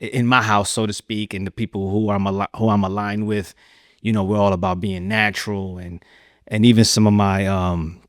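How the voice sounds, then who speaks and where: A man hosting a podcast, speaking in a reflective, conversational way that stumbles over repeated words. His voice sits somewhat low. The sound is dry and close. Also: little pitch movement, moderate pace, dry recording. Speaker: podcast host. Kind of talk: conversational interview.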